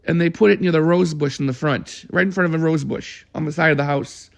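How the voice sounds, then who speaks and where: Brief: man, gravelly tone, rambling casual storyteller who chuckles now and then. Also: a little high, brisk. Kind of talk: casual reminiscing.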